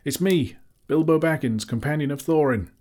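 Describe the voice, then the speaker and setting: A man's voice: fairly low pitch, fairly quick, darkish tone, husky. A man voicing a bruised, wry male hobbit who is shaken after a battle. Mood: urgent. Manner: wry, self-mocking.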